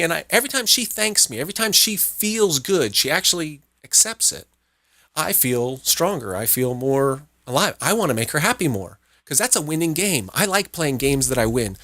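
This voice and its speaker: Animated, bright-voiced male podcast host. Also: fairly high pitch, moderate pace, no room sound, studio quality. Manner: enthusiastic, laughs often, repeats "right?", acts out little dialogues. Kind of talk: casual interview chat.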